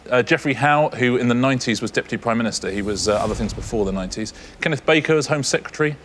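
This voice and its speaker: A male quiz co-host who talks very fast, running through answers in a quick, teasing way. Clear studio noise runs behind his mid-pitched voice. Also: a bit bright. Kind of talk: TV quiz commentary.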